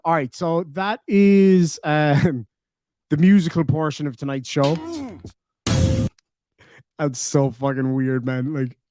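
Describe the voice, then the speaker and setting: A man's voice: on the high side, a little mellow, no echo, studio quality. An Irish man hosting a casual livestream, reading super chats aloud and bantering with a lot of swearing and laughter. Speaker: livestream host.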